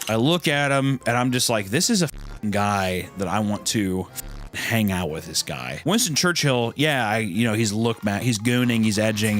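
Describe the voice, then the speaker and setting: A man ranting casually and comically, rambling and joking as he goes. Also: mid-range voice. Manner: animated, rambling, jokey. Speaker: streamer. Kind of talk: comedic casual rant.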